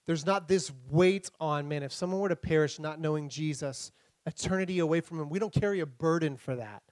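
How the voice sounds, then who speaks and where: Young man, pastor, sermon, animated storytelling, dry close sound. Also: a little high, a little fast, dry recording. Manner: animated storytelling with playful voices and sound effects.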